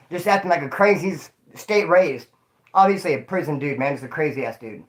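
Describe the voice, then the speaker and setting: Brief: young Northern California guy, higher-pitched, rambling and cussing through a livestream story. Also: brisk. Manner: rambling, slangy and profane.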